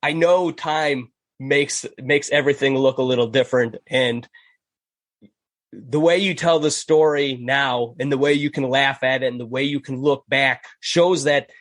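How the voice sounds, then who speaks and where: A man hosting an interview, asking reflective questions in a measured way. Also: mid-range voice, fairly even intonation, fairly bright tone, no echo. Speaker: podcast host.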